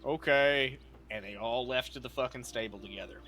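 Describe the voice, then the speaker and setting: Bright-voiced man telling a rowdy story. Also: mid-range voice, normal speed, faint music behind. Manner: profane, animated retelling of events. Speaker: roleplayer in a western game. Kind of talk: in-character storytelling.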